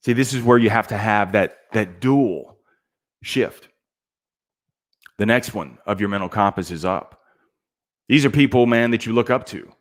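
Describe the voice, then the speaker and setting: A middle-aged man giving a casual motivational talk to salespeople, preachy and peppered with "man". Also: mid-range voice.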